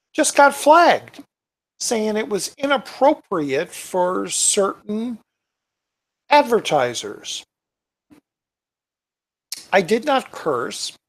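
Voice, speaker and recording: Tired guy on his live stream, slow rambly chat, voice jumps up and down a lot. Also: a little high, vocal fry. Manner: rambling, reads comments aloud, muttering asides. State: tired, yawning. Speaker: YouTube channel host.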